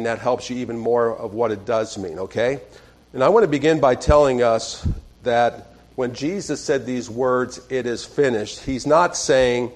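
A pastor delivers a sermon conversationally, softening to quiet tones when he reads scripture and frequently checking in with "okay?". His voice is medium in pitch.

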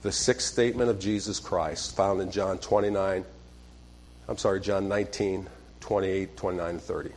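A man preaching a sermon in a conversational way, dropping to quiet tones on scripture and often checking in with "okay?". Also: low voice, fairly even intonation, moderate pace, slight background noise. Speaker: pastor.

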